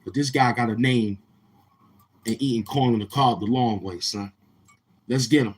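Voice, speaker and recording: Man, livestream host, husky voice, brash heckling banter, slang-heavy. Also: medium pitch, normal speed, low-quality recording. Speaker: live-stream host. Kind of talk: casual livestream chat.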